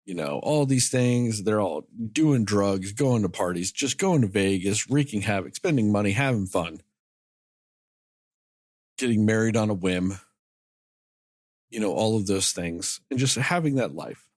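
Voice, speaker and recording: A man's voice: on the low side, expressive, dry recording, studio quality. A man co-hosting a casual film review podcast, rambling and swearing freely as he talks through scenes. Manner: often acts out characters' lines in quick asides. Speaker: podcast co-host.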